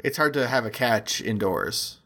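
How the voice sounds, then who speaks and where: Lively-voiced man cracking quips. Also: medium pitch, measured pace. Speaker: podcast co-host. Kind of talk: casual comedic riffing.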